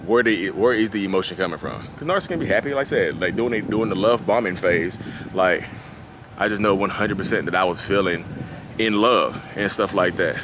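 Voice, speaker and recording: A man with a very low voice talks through a loose, unscripted vlog monologue, circling back on his points and padding them with "you know what I mean". He is outdoors at a beach, and steady open-air ambience with passing vehicles runs under his voice. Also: fairly quick, noisy background. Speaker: vlogger discussing his own narcissism.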